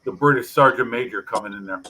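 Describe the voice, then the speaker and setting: A man's voice: medium pitch, fast talker, pushed and bright, low-quality recording. A man co-hosting a casual group video chat, chatty and wryly teasing. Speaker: co-host of a modelling video chat.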